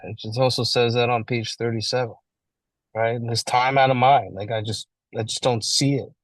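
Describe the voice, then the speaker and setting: A man co-leading a recovery book study, talking in a slangy, animated way and acting out little scenes as he explains. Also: mid-range voice, no echo, poor audio. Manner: animated, slangy, acts out scenarios. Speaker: study group co-leader. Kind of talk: casual recovery-meeting share.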